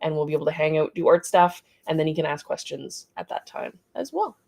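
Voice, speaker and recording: A middle-aged woman with a slightly low voice rambles in relaxed, chatty livestream talk. She hosts her studio stream, greeting viewers and wandering from thought to thought. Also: a little fast, vocal fry. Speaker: artist hosting a studio livestream. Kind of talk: casual livestream chat.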